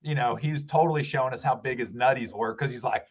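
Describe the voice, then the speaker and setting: A man guest on a fishing podcast, telling a story in a lively, casual way and acting out what people said. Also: mid-range voice, fast talker, husky, lo-fi sound. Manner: animated, acts out quoted voices.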